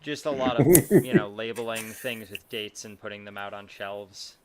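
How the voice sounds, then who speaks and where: A man's voice: on the low side, steady tone, normal speed, crowd noise. A man chatting casually as a guest, making dry joking asides. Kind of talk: casual chat.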